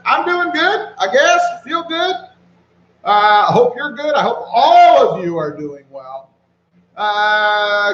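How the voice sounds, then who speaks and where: A man hosting a casual live stream, reading viewer comments aloud and greeting people by name in a relaxed way while he walks around with his phone. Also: high voice, reverberant, highs cut off, a little hiss or hum. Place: walking around outdoors.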